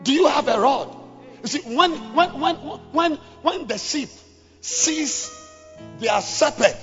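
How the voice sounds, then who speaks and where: Man preaching a sermon, very animated pitch, hushed readings and shouted calls, dull recording with long reverb. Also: slow pace, faint music behind. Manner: swings from hushed scripture reading to shouted exhortation. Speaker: pastor.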